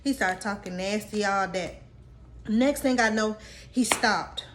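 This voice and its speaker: A woman's voice: medium pitch, unhurried, noisy background. A woman in her late twenties telling a personal story to her viewers in a candid, casual, slang-filled way. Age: late 20s. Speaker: vlogger.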